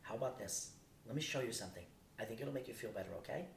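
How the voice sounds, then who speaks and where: A man voicing a gentle, reassuring teenage boy speaking over the phone. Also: expressive, fast talker, creaky. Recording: roomy distant recording, faint rumble.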